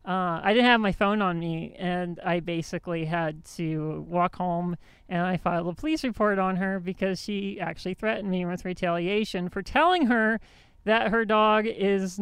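A woman's voice: mid-range voice, clear, resonant tone, no echo. A woman hosting a show, telling a story in a casual monologue with indignant emphasis and many restarts. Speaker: host.

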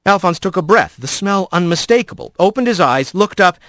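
A man narrating an audiobook in expressive storytelling style. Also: high-pitched, a little fast, no room sound, studio quality. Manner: expressive storytelling, voices the characters.

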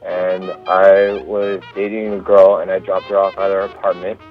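A man's voice: sits low, normal speed, lo-fi sound, soft background music. Laid-back man telling a story. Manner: relaxed, laughing, many fillers and restarts. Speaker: storyteller guest. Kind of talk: casual personal anecdote.

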